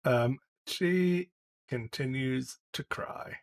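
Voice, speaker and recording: A man narrating as game master of a tabletop game, halting often with ums as he describes scenes. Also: mid-range voice.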